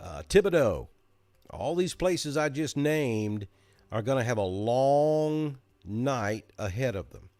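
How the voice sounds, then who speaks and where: A man's voice: medium pitch, darkish tone, dry recording. A middle-aged man from Alabama with a Southern accent, hosting a casual live weather chat in a folksy, chatty way. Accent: Southern American, Alabama.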